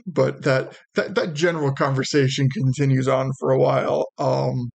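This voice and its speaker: A man running a tabletop role-playing game as game master, describing scenes in a hesitant, halting way with many restarts. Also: mid-range voice, steady tone, gravelly, darkish tone, slightly rough.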